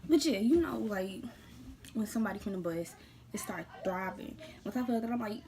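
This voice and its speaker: Talking to her vlog audience about something that happened to her, a woman is animated and blunt, jumping from loud outbursts to quiet whispers. She speaks at a normal speed in a mid-range voice with vocal fry.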